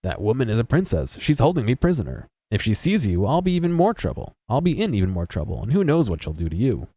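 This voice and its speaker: A man voicing a pompous, old-fashioned bearded old gentleman stuck in a tower, talking in a fussy posh manner. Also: deep voice, big pitch swings, normal speed, slightly rough, no room sound, pitched below the performer's own voice, heavily acted.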